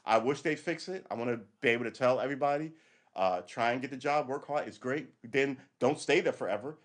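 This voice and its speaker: A man's voice: mid-range voice, fairly quick. A middle-aged man, a retired police officer who hosts a casual livestream and talks bluntly, swears freely and often laughs. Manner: blunt, profane, laughs often, restarts a lot.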